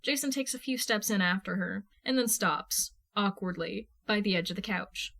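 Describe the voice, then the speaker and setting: A woman reading fan fiction aloud in a casual, lively manner, swearing freely. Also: medium pitch, moderate pace, creaky. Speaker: podfic reader. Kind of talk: fan fiction audiobook narration.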